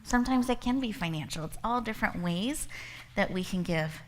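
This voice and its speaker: A woman's voice: medium pitch, lively intonation, fairly quick, slight background noise. A woman giving a motivational talk, telling a story and speaking straight to her listeners. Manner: warm storytelling with laughter, addresses listeners directly. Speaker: speaker and host.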